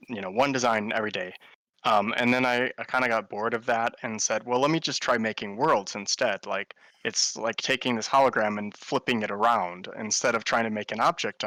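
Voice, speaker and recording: Man, guest in a casual interview, bright forceful tone, dry sound, eager. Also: on the low side, dry recording, rough recording. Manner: enthusiastic, laughs easily, fillers. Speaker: guest, hologram artist.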